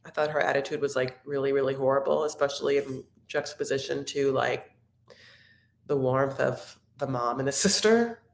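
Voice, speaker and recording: Her voice is very deep and gravelly, at a moderate pace, with a little hiss or hum audible. She chats casually on a live recap stream, reading viewer comments and rambling fondly, in a home room with roomy echo.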